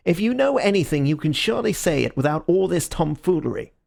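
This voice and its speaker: A man's voice: on the high side, very animated, fairly quick, vocal fry, a little mellow, voice pushed up, exaggerated voice. A man voicing an indignant, blustering male police inspector in an audiobook reading. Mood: angry.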